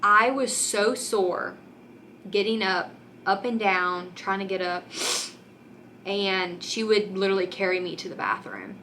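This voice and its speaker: Speaking at a measured pace with medium pitch and a steady, sharp tone, a young woman vlogger opens up casually to the camera. Her chatty talk is full of "like" and "um," she's near tears at times, and there's slight background noise.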